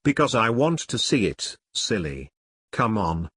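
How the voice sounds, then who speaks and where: A man's voice: fairly low pitch, sing-song, unhurried, a bit bright, slightly rough, no room sound, full character voice. A man reading the part of a bold young woman student who talks in a teasing, frank way. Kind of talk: audiobook character reading.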